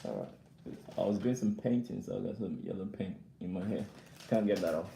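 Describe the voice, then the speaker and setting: Unboxing a laptop on a casual live chat, this young man rambles, laughs often between remarks, and responds to viewer comments. He speaks fairly quickly in a low, creaky, dark voice, recorded in a roomy space with slight background noise.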